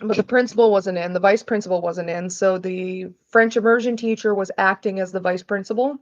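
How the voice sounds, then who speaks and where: A woman's voice: medium pitch, fairly even intonation, brisk, lo-fi sound. Chatty woman telling stories. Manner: chatty, swears freely, acts out quoted people. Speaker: vlogger. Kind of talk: casual storytelling while cooking. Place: home kitchen.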